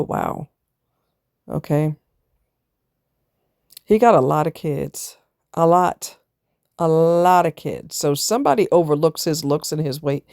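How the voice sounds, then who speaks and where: Blunt woman lecturing in a mellow voice. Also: sits low, no room sound, clean studio sound. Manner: blunt, preachy, rhetorical questions. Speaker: vlogger. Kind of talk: casual commentary.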